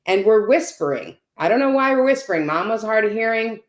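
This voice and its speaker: A woman's voice: fairly high pitch, expressive, fairly quick. A middle-aged woman telling a personal story in casual conversation on a video call, often checking in with "right?" and "you know". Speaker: guest on a panel talk. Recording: roomy echo.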